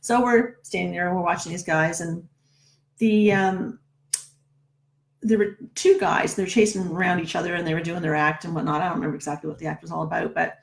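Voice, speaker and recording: A middle-aged numerologist tells a personal story in a casual, chatty manner, repeatedly checking in with "right?". Her voice is lowish, with a steady tone and some vocal fry, and she speaks briskly.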